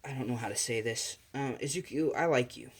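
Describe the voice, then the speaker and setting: A man's voice: mid-range voice, breathy edge. A man voicing a shy, hesitant girl hero. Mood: nervous. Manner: halting, hesitant. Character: shy, nervous teenage girl hero confessing.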